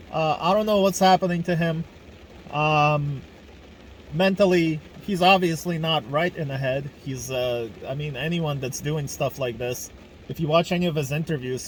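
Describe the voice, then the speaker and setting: A man's voice: fairly high pitch, a bit bright, a little hiss or hum. A young man from Ukraine hosting a casual video podcast, ranting angrily with lots of swearing and fillers. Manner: angry, profane ranting with fillers. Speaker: podcast host.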